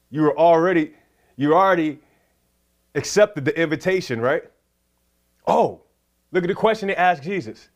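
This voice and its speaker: A man preaching a livestreamed sermon, reading scripture aloud and breaking into exuberant whoops and laughter. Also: fairly high pitch. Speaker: pastor.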